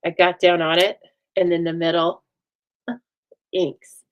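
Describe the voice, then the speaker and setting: A woman's voice: lowish voice, level tone, slow, muffled recording. A woman hosting a live card-making stream, talking in a chatty, folksy way and answering viewer comments as she works. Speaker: craft show host.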